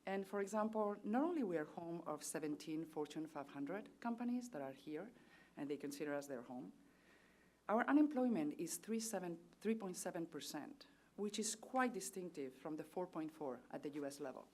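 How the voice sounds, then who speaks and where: Speaking at a moderate pace, a Spanish trade official on a seminar panel delivers prepared remarks in a markedly low voice with a Spanish accent, Spanish being her native tongue. She is formal and earnest, steadily running through economic figures in turn, and the recording carries a little hiss or hum.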